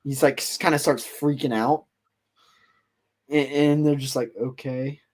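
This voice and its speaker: A man's voice: mid-range voice, steady tone, unhurried. A man hosting a podcast, casually telling a story in a loose, rambling way full of fillers. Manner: rambling, filler-heavy retelling. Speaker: podcast host.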